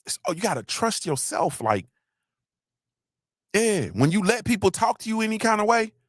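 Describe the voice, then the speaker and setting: Very animated and speaking at a moderate pace, a middle-aged man hosts a live motivational talk in clean, echo-free studio sound. He lectures, repeats himself, and gives viewers shout-outs, and as emotion rises his voice drops low.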